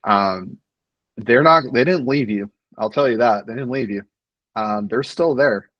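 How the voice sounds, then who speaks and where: A middle-aged man talking earnestly and reflectively as a podcast guest, with many pauses and restarts. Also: mid-range voice, no room sound, highs cut off. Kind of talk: casual conversation.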